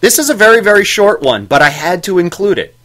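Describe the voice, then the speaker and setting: A man hosting a podcast, joking and teasing his co-host in casual chat. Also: fast talker. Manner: joking, teasing, lively pitch.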